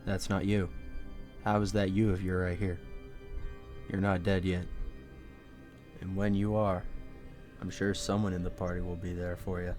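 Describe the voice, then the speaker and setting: Man playing a calm companion, deep voice, flat, comforting. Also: normal speed, pauses often, soft background music, lightly acted. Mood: reassuring. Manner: steady, comforting. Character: calm reassuring male party companion.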